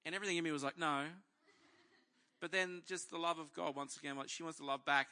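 Animated pastor telling a story. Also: male voice, fairly high pitch. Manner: animated storyteller acting out quoted voices. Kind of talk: sermon storytelling.

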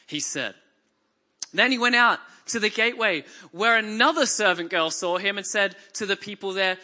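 A man's voice: high-pitched, normal speed, pushed and bright. A man with an Australian accent preaching a sermon to a church congregation, mixing wry jokes with dramatic scripture reading. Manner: conversational and joking, reads scripture dramatically.

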